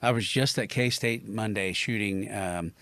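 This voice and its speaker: A man's voice: on the low side, measured pace, a bit bright, no echo. A man hosting a podcast in casual chat, upbeat and encouraging toward his guest. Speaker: podcast host.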